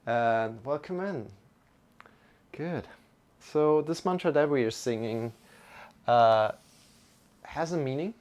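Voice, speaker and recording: A man teaching a live-streamed yoga class, giving calm, gentle instructions and greeting viewers in the chat. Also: medium pitch, slow, long pauses.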